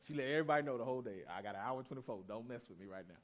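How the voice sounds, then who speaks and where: A man in his thirties preaching a sermon in a church, telling a personal story in a loose, conversational way and climbing up in pitch whenever he presses a point. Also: animated, rapid-fire. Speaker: pastor.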